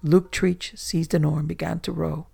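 A man narrating a horror story dramatically, dropping into hushed whispers for suspense. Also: fairly high pitch, flat delivery, moderate pace, gravelly, slightly rough.

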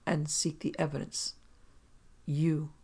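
A reader voicing a calm detective who speaks steadily and gently, with a gravelly, husky voice. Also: medium pitch, slow pace.

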